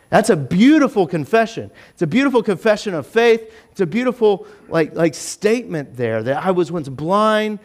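A pastor giving a casual, conversational sermon in a church, chatty and animated, acting out the voices of the people in his stories. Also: high voice, normal speed, few pauses. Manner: chatty and animated, acts out quoted voices, self-deprecating asides.

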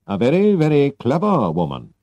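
A man voicing a sharp, confident male detective who explains his plans briskly. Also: medium pitch, huge pitch swings, no room sound, pitched above the performer's own voice. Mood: cool. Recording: dull lo-fi recording.

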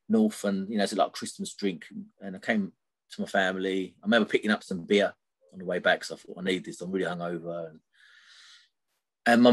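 A middle-aged man with a fairly low-pitched voice recounts something personal on a podcast, candid and unstructured. He rambles and keeps checking in with "right?" at the ends of sentences, and there's no echo on the recording.

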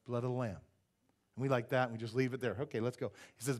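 A male pastor preaching a sermon in church, animated, firing rhetorical questions at the congregation and dropping joking asides. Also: medium pitch, a little fast. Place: church sanctuary.

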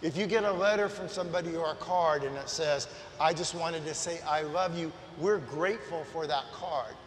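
Passionate male preacher, high voice, booming room, slow measured delivery building to shouts. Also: a little hiss or hum. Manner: impassioned, swings from soft to shouting. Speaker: guest preacher. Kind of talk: sermon. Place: large church sanctuary. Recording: echoey church hall.

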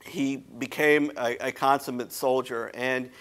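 A man's voice: medium pitch, fairly even intonation, measured pace, fairly bright tone. An American man giving a history lecture at a symposium, talking casually with many ums and restarts. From United States. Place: lecture hall.

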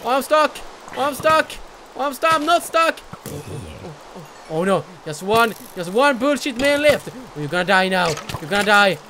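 A young adult gaming YouTuber giving excitable let's play commentary, with loud outbursts, mock bravado and casual swearing. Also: medium pitch, moderate pace, a little hiss or hum, rough recording.

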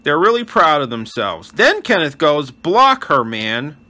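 A man's voice: on the high side, wildly swooping pitch, unhurried, bright, forceful tone. A male channel host giving earnest voice-over commentary on gameplay and reading chat aloud. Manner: wishes viewers a blessed day.

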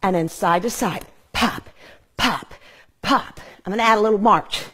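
A woman's voice: mid-range voice, measured pace, a bit bright, slightly rough. A middle-aged woman leading a live home workout as a fitness instructor, upbeat and breathing hard as she cues each move while exercising. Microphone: clip-on mic.

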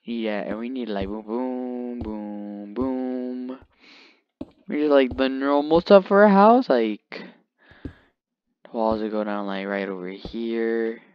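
A man's voice: mid-range voice, fairly even intonation, slow, clear, resonant tone, no echo. A man giving casual, rambling commentary while playing a game, joking around and talking to his in-game pet, on a dull lo-fi mic. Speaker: gamer.

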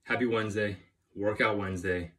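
A man with a slightly low voice talks through a workout plan. He is a bit out of breath and upbeat, and he keeps checking in with a quick "okay?" between the counts. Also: fairly even intonation, fairly bright tone. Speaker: fitness coach. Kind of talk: workout instructions to camera.

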